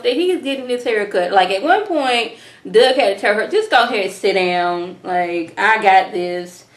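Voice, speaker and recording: A young woman giving a casual, animated episode review to camera at home, breaking into mocking impressions. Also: medium pitch. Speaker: reality TV reviewer. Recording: echoey room.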